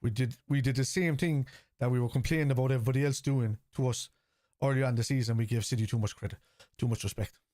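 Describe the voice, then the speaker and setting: A man's voice: medium pitch, steady tone, fast talker, hardly any pauses, darkish tone, no echo, studio quality. A man hosting a live fan watchalong, reading out and answering viewer chat in a blunt, casual way, swearing freely. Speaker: fan channel host.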